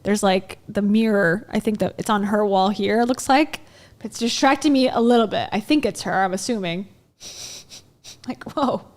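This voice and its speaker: A woman's voice: medium pitch, normal speed. A woman hosting casual reaction commentary with skeptical, chatty asides. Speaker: commentary host.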